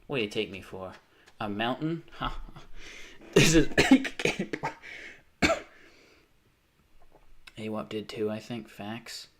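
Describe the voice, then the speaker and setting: A man's voice: on the low side, measured pace, long pauses, bright, forceful tone. Joking man streaming live. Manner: joking, sarcastic banter with chat. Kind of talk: casual live-stream chat while gaming.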